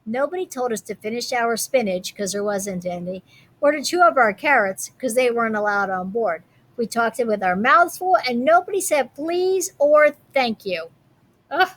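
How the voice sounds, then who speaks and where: A woman's voice: a little high, a bit bright. A woman teacher reading a picture book aloud to children, with friendly, chatty asides.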